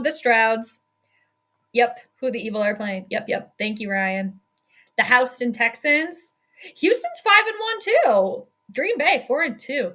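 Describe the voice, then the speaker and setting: High, bright-voiced woman calling a game. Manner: chatty, laughs often, reads chat aloud. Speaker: sports streamer doing live game commentary. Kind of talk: casual live play-by-play commentary.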